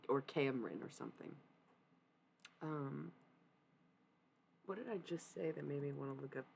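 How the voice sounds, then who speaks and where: A woman doing a casual livestream reading, rambling, excitable and profane. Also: extremely low pitch, vocal fry, a little hiss or hum, low-quality recording.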